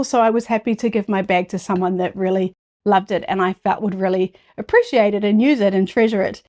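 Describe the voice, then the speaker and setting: A woman vlogger chatting casually to camera about a quilting show, telling a story with lively acted-out quotes. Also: fairly high pitch. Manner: chatty and excited, acts out quoted voices.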